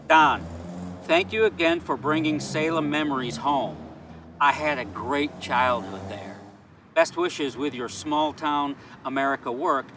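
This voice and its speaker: A man's voice: medium pitch, recorded from a distance, noisy background. A man talking casually to camera in an outdoor town square, earnest and playfully pleading. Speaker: vlogger.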